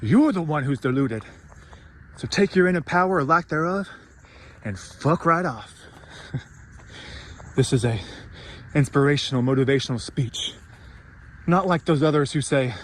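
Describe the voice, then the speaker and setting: A man's voice: fairly high pitch, animated, normal speed, long pauses. Intense swearing man ranting. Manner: intense, swearing, rambling and self-mocking. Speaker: podcast host. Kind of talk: profane motivational rant.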